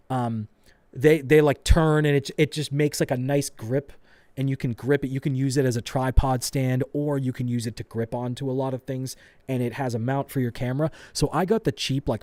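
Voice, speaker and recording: A man's voice: medium pitch, dark tone, no echo. Male host, rambling profane reaction commentary, dry and close. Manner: profane, self-mocking, rambling.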